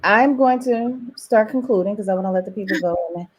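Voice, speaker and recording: Woman, husky voice, from new jersey, host, easygoing, laughs a lot. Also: medium pitch, fairly quick, a little mellow. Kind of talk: casual livestream interview.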